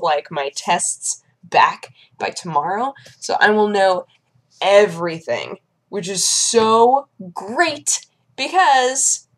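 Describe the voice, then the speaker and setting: Chatty young woman vlogging casually. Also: mid-range voice. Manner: chatty storyteller who acts out the people she describes. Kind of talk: casual chat.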